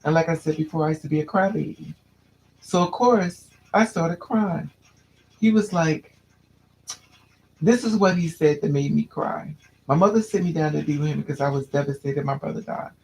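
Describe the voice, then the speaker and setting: A man's voice: on the high side, normal speed, gravelly, darkish tone, low-quality recording. A man telling a personal story to a listener, candid and restless, often repeating and restarting his phrases.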